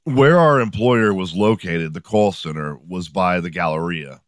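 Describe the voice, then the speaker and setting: A man's voice: sits low, normal speed, no room sound, studio quality. A man in his forties hosting a podcast, telling rambling comedic stories in a profane, sardonic way. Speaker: podcast host. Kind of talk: comedic storytelling monologue.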